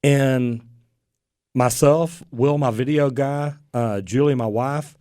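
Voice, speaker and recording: A man's voice: medium pitch, slow, a little mellow, dry recording, clean studio sound. A man who runs a plumbing business, chatting casually as a radio talk show host and telling stories with acted-out bits of dialogue. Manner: easygoing storyteller, acts out quoted dialogue. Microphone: studio microphone.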